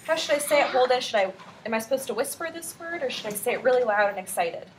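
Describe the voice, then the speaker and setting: A female teacher reads a picture book aloud to her class in an animated storytelling voice, stopping to ask the children questions. She speaks quickly at a fairly high pitch, with background noise in the room.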